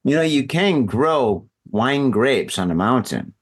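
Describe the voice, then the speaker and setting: Animated drunk man telling a story. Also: mid-range voice, slow pace. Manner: animated, acts out his own yelps and voices. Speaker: podcast host. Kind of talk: casual drunk storytelling chat. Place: home room in Japan.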